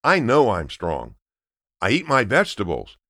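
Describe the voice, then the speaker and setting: A man's voice: on the low side, wildly swooping pitch, moderate pace, vocal fry, a bit bright, dry recording, clean studio sound, heavily acted. A man voicing a small, self-assured little mouse in a read-aloud storybook. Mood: gentle. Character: small, plucky, kind little male mouse.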